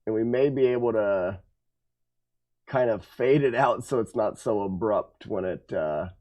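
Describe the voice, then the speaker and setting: A man casually thinking aloud while working on his game, halting, self-correcting, and musing. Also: on the low side, mellow. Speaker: game developer streaming his work.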